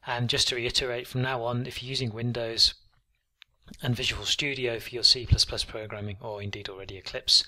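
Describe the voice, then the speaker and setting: A man walking through a coding tutorial on screen, relaxed and thinking aloud with frequent ums. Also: medium pitch, brisk. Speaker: programming tutor.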